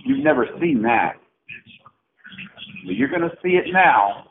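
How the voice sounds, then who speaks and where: A man's voice: medium pitch, lively intonation, a little slow. Middle-aged guy swearing and mocking in a rambling phone rant, voice jumps all over, tinny line with a bit of hiss. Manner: profane, mocking, erratic rant with sarcastic swings. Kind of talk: angry rambling phone message.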